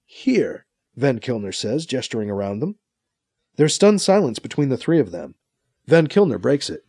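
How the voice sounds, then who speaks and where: A man narrating a science fiction audiobook in an expressive, plain manner. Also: medium pitch, normal speed, breathy edge, no room sound, studio quality.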